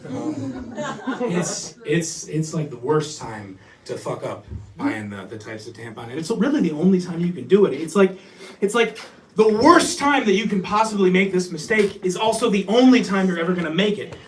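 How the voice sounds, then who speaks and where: A man doing a crude, rambling stand-up comedy set, often shouting and laughing. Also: high-pitched, very animated, moderate pace, recorded from a distance. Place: small comedy venue.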